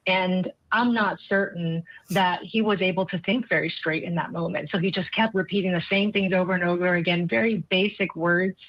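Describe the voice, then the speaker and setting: A woman psychologist giving measured, analytical commentary as a guest. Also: mid-range voice, no echo, muffled recording. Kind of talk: expert commentary.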